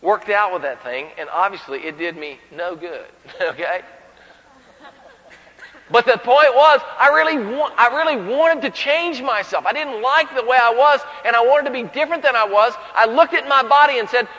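A man's voice: very high voice, fairly quick, in a large hall, low-quality recording. A man preaching a sermon with humor, telling stories and acting out the people in them. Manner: animated, humorous storytelling with acted voices.

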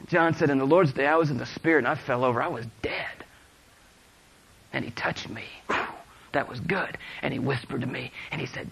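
A man preaching a sermon to a congregation, moving between hushed storytelling and loud, fervent exhortation. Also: mid-range voice, a little fast, creaky, husky, poor audio.

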